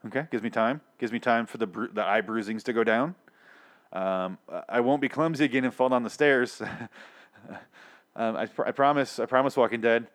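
A man's voice: medium pitch, moderate pace. A man hosting a solo podcast, ranting sarcastically and profanely in a TV show review. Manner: profane, sarcastic, animated rant. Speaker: podcast host.

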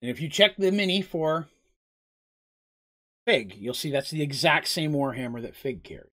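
An animated storyteller reading aloud. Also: mid-range voice, moderate pace. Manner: expressive reading, asides to listeners.

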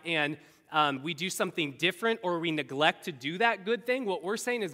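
Bright-voiced preacher in an echoey hall. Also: male voice, high-pitched, brisk. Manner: animated, acts out quoted voices. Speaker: pastor. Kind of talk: sermon.

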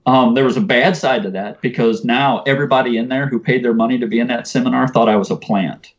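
A man's voice: medium pitch, fast talker. A man guest telling a personal story in an earnest, conversational way. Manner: earnest, conversational, uses "you know" and "man". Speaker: podcast guest. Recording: muffled lo-fi sound.

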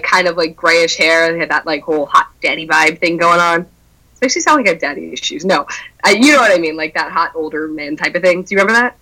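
A young woman in casual chat, telling stories with lively quoted voices. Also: lowish voice, poor audio. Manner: animated storyteller acting out quotes.

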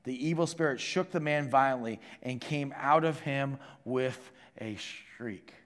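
A man preaching a sermon to a congregation, shifting between loud emphasis and hushed intensity. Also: medium pitch, unhurried. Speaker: pastor. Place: church sanctuary with congregation. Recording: long hall reverb from a sanctuary.

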